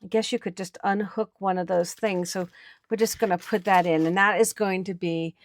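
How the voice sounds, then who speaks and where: A woman's voice: mid-range voice, fairly even intonation, normal speed, dry recording. A woman host chatting on camera at an estate sale, showing finds to viewers with chatty enthusiasm. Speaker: antiques picker and channel host. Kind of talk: casual on-camera commentary.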